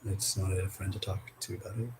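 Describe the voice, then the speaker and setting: A man in a casual spiritual vlog, reading oracle cards aloud, rambling and swearing, with loud and soft stretches. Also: sits low, level tone, quick pace, a little hiss or hum, poor audio. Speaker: spiritual card reader.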